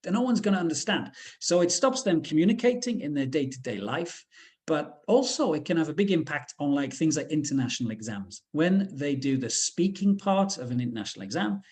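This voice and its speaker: A man's voice: on the high side, very animated, a little fast, a little mellow. A man from the UK presenting a teacher-training webinar, talking in a chatty way with frequent fillers.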